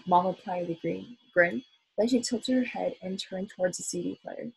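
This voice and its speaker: A woman reading a children's novel aloud, expressive, with small slips and restarts. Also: lowish voice, moderate pace, creaky, breathy edge, low-quality recording. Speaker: volunteer reader.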